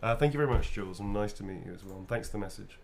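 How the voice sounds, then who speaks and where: A man's voice: lowish voice, very fast, creaky, crowd noise. A man who is an actor, chatting and joking as he signs autographs and reads out fan messages. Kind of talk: casual chat during a live signing.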